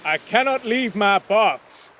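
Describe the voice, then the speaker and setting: A man's voice: high voice, animated, slow, pushed and bright, pitched above the performer's own voice, full character voice. A man doing a frantic, half-mad man. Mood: desperate. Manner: pleading, frantic. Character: desperate, half-mad man clinging to a box.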